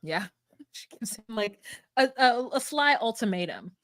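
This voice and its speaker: A woman's voice: fairly high pitch, unhurried, no room sound. A young woman co-hosting a casual recap chat, laughing often and acting out what people said. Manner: laughing, animated, acts out quotes. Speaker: podcast co-host.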